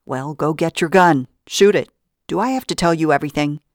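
A woman's voice: low voice, normal speed, no echo, studio quality, natural voice. A woman voicing a harsh, bossy female kidnapper in an audiobook, with a curt, commanding manner. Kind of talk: audiobook narration.

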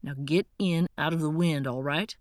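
A woman voicing a calm, steady man who reassures a frightened friend in a firm, professional tone. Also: sits low, moderate pace, no echo, clean studio sound, natural voice. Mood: reassuring.

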